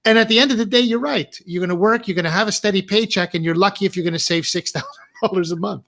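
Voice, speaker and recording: A woman's voice: mid-range voice, quick pace, a bit bright. A woman hosting a casual interview, affirming and enthusiastic toward her guest. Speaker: host, clarity coach.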